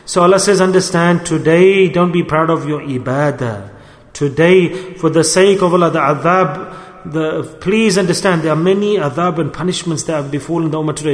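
A man preaches a sermon in a high voice, stretching his phrases into a sing-song cadence. His voice rings around a large, echoey hall with a long reverb tail. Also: moderate pace.

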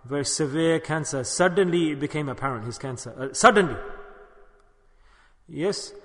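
Male preacher, high and bright, exhorting in a storytelling way, long hall reverb. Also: normal speed. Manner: storytelling, exhorting, mixing Urdu and Arabic religious terms. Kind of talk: sermon.

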